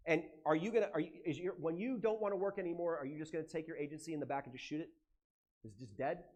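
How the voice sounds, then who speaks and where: An animated, emotional American man giving a live seminar talk to a conference audience and swearing casually. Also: fairly high pitch, very fast. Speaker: conference speaker.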